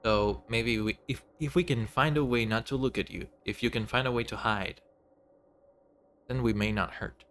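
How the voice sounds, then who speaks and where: A man's voice: mid-range voice, moderate pace, fairly bright tone, a little hiss or hum. A man streaming a game, reading its dialogue aloud and musing over it with filler words.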